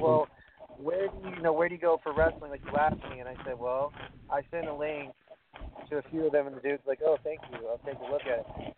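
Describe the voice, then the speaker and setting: A man with a New York accent hosts a casual chat, telling blunt, profane stories in a slightly raised voice. His voice comes through a tinny, phone-like line with a faint hiss behind it. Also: fairly high pitch. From Brooklyn, New York. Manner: blunt, swearing, animated storytelling. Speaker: podcast host.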